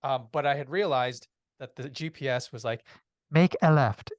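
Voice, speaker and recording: A man telling a personal story in a lively, animated way, with many restarts. His voice sits at a middle pitch. The recording is close and dry. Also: moderate pace, no echo. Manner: lively, acts out quoted voices, restarts often. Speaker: podcast guest.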